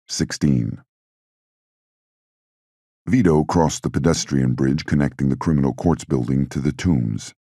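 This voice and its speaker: A man giving measured, scripted audiobook narration into a close mic. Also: a bass voice, dark tone, no echo.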